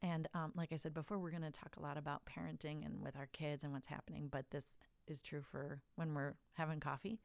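A woman hosting a podcast, talking in a warm, expressive way with emotional emphasis. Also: deep voice, fairly quick, few pauses, no echo. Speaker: podcast host. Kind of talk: casual conversation.

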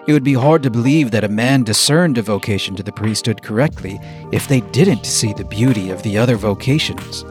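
A male podcast host giving scripted narration in a measured, explanatory, teaching tone. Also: mid-range voice. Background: background music.

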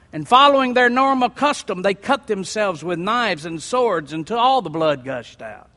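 Male preacher, high pitch, scripture reading with lively commentary, long reverb from the hall. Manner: reads scripture aloud, breaking in with lively asides.

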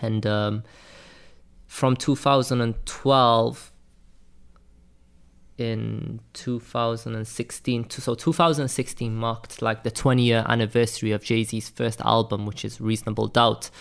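A Welsh man telling stories in a relaxed interview. His voice has a gravelly, crackly edge and sits at an ordinary pitch. He talks loosely, with plenty of "like" and "man" running through it. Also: a little slow. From Wales. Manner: loose and chatty, full of "like" and "man". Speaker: graphic designer guest. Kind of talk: casual interview storytelling.

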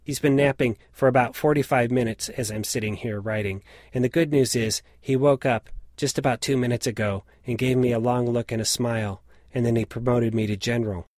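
A man in his late forties reading a reflective personal story in a measured, scripted narration. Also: mid-range voice, fairly even intonation, a little mellow, dry recording, studio quality. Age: late 40s.

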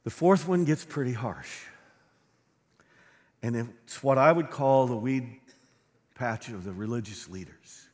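A man's voice: medium pitch, a little slow, pauses often. Passionate man preaching in a reverberant hall. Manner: builds from quiet to loud, passionate preaching. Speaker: pastor. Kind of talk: sermon. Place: church sanctuary. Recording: long reverb of a large hall.

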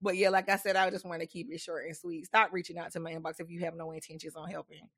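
A woman's voice: on the low side, flat delivery, fast talker, husky, dry recording, studio quality. A woman co-hosting a podcast in casual chat. She talks in a sassy, emphatic way, calls people "honey", and laughs between her points. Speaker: podcast co-host.

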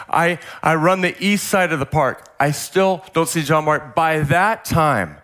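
The sermon comes from a middle-aged Californian pastor whose fairly high voice moves a little slowly. Telling his story with intense feeling, he repeats words, shouts at high points and sinks almost to a whisper.

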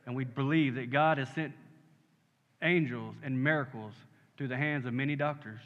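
A man's voice: medium pitch, moderate pace. A man preaching a sermon as pastor. He builds to emphatic peaks and keeps asking his congregation "Amen?". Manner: rising to emphatic call-and-response, asking "Amen?". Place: church sanctuary. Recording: muffled sound with long hall reverb.

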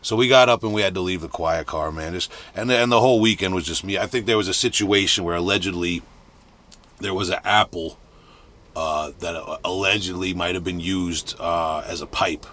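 A middle-aged man with a deep, booming voice, telling a rambling, self-deprecating story in a casual podcast monologue. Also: brisk, fairly bright tone. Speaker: podcast host.

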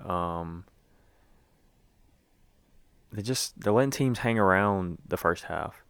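A man's voice: sits low, takes it slowly, a bit bright, clear, resonant tone, no echo. A young man giving a rambling, casual recap as a sports fan, with lots of fillers and restarts.

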